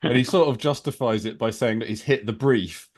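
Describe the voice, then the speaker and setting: A man co-hosting a podcast who paraphrases game lore in a relaxed, loose way. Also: mid-range voice, a little fast. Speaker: podcast co-host. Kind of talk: casual lore discussion.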